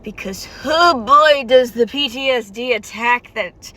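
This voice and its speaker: A woman's voice: on the high side, unhurried, pushed and bright. A woman reacting to a game's story in casual, emotional vlog commentary, chatty and full of "like" fillers. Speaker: game story reaction vlogger.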